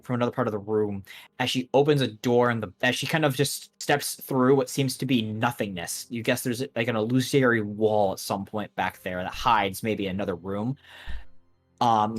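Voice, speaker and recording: A man narrating a tabletop game as game master, describing scenes in halting bursts full of restarts. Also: mid-range voice, faint music behind. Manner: halting, many restarts and fillers while describing.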